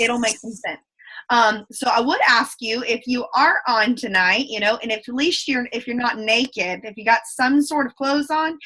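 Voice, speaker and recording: A woman in her twenties with a thick Southern accent, giving a fast, folksy and effusive motivational talk on a video call. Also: a little high, bright, forceful tone. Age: 20s. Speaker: guest speaker.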